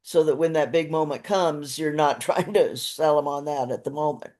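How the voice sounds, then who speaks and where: A woman's voice: sits low, moderate pace, darkish tone. A woman hosting an interview on a coaching call, asking long, rambling questions and laughing often. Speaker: interview host.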